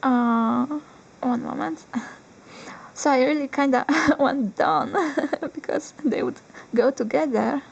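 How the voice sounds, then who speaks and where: A young woman, not a native English speaker, unboxing collectibles on camera, excitable and giggly, squealing with joy now and then. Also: sits high, slow pace, vocal fry, long pauses, dull audio. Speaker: vlogger. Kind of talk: unboxing vlog.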